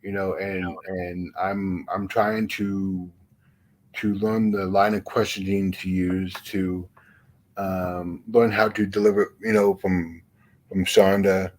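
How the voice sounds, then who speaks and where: A man's voice: low-pitched, little pitch movement, takes it slowly. A man chatting casually, rambling with many fillers and frequent swearing. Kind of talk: casual chat.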